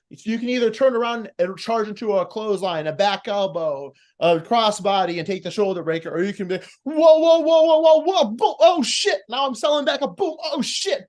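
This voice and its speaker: Male competition judge, high voice, blunt coaching critique, acts out examples. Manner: blunt, coaching, acts out moves and lines, casual swearing. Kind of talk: live critique of wrestling promos.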